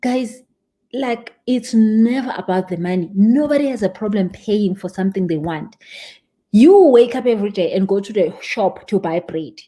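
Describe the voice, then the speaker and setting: A young woman coaching a live-stream audience, animated and emphatic, stressing points by repeating words. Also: mid-range voice, normal speed. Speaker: spiritual business coach.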